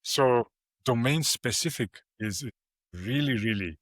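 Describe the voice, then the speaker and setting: A middle-aged man speaking as an interview guest, lively and story-driven, slipping in little acted exchanges as he explains. His tone is bright and forward, and the sound is dry and close to the mic. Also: medium pitch, slow, no room sound. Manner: animated storyteller, acts out quoted dialogue. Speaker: guest AI professor. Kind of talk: casual interview talk.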